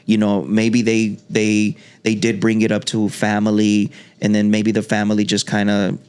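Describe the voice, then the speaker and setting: Guy with a lowish voice on a podcast, reflective, lots of restarts. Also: monotone, a little mellow, smooth. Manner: reflective, talks in halting restarts. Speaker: podcast host. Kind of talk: casual podcast conversation.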